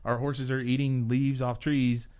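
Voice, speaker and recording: A man's voice: medium pitch, level tone, unhurried, a little mellow, clean tone. A man co-hosting a podcast who tells a long funny story in a casual, self-mocking way. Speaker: podcast co-host.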